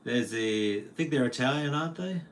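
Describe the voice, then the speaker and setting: A man's voice: mid-range voice, a little fast, slight background noise. Laid-back Australian man chatting on livestream. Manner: laid-back, jokey, laughs often, Aussie slang. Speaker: livestream host. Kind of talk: casual livestream chat reading comments. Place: home.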